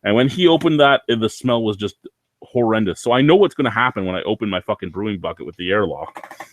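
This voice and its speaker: A man's voice: fairly low pitch, lively intonation, quick pace, no room sound. A man ranting in a casual vlog, rambling, swearing and sounding anxious. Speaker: vlogger.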